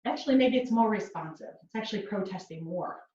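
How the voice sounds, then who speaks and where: Here a pilates instructor from the Netherlands talks fast, her medium-pitched voice mellow and full of lively intonation. She counts reps in rhythmic cues for her mat class and chats along the way, all captured in a dull, roomy, distant recording.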